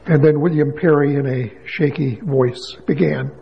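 A man's voice: a little high, steady tone, normal speed, vocal fry, husky. A man preaching a sermon as a pastor, telling a story in a conversational way and building to emphatic questions. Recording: dull lo-fi sound with long hall reverb.

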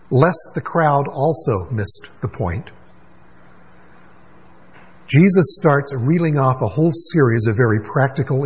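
A man preaching a sermon as pastor, emphatic, with rhetorical questions and quick asides. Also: medium pitch, slightly rough, rough recording.

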